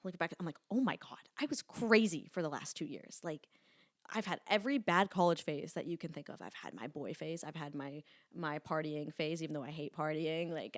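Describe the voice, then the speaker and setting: A woman's voice: deep voice, no echo. Young woman guest, candid and rambling, dry close sound. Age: about 20. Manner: chatty, animated storytelling with frequent "like" and swearing. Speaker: podcast guest, lifting influencer. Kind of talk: casual candid chat.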